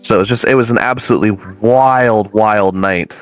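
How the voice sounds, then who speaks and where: A man's voice: fairly low pitch, moderate pace, faint music behind, rough recording. A man, a guest medium, telling a long story in a casual, rambling way with many fillers and restarts.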